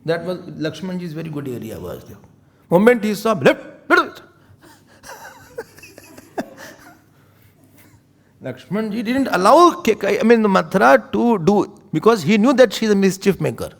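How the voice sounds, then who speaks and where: A man giving a spiritual discourse as a teacher, telling stories in an animated way. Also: sits high, a little slow, creaky, long pauses. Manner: animated storytelling, mixing in Hindi phrases.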